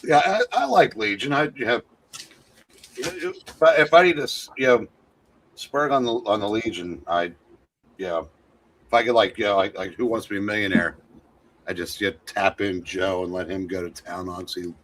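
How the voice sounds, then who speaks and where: Tired low-voiced man, bright faint noise. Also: moderate pace. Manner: rambling, hesitant. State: tired, yawning. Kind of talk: casual chat.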